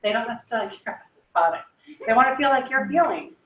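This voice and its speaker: A woman's voice: fairly high pitch, expressive, rapid-fire, narrow, tinny audio. Young woman hyped up talking to a room, lots of like and you guys, echoey, mic kinda far off. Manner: enthusiastic, chatty, fillers like "like" and "you guys". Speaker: guest speaker. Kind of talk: casual motivational talk.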